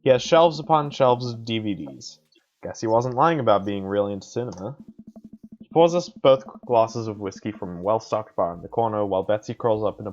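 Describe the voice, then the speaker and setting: A man's voice: on the low side, muffled recording. A man on a live stream reading a game's narration aloud and chatting, evenly paced with bursts of laughter.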